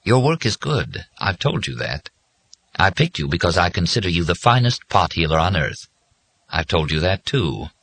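An ancient godlike being speaks in a calm, reassuring way, as a man reads him in an audiobook. The voice stays low and steady. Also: moderate pace, slightly rough, dry recording, full character voice.

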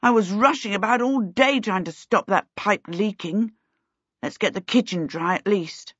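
A woman's voice: mid-range voice, normal speed, slightly rough, no echo, dull audio, close to an everyday voice. A woman voicing a flustered, clumsy young boy wizard who wails when things go wrong, in a storybook reading. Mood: earnest. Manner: wailing, flustered.

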